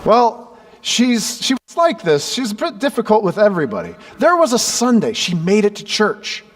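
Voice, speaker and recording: A male pastor preaching a sermon, telling stories and acting out the dialogue with lively energy. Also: high voice, normal speed. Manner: animated storyteller who acts out dialogue. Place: church sanctuary. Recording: echoey church with faint background noise.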